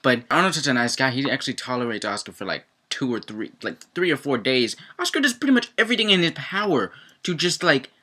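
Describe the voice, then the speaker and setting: A young man reviewing a cartoon episode in casual chat, rambling with lots of fillers and breaking into excited outbursts. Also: fast, hardly any pauses. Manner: rambling, heavy on fillers, swings into excited high-pitched outbursts.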